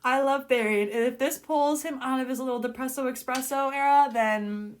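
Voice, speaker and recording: A woman's voice: sits high, moderate pace. A woman reading a novel aloud in a casual vlog, breaking off to react, giggling and gushing over the characters. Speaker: book reader and reactor.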